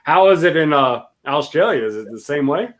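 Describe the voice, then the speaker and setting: An American man chatting casually who laughs a lot and tosses out easy questions. His voice is a touch high for a man. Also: lively intonation, a little fast. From middle of the United States. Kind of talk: casual chat.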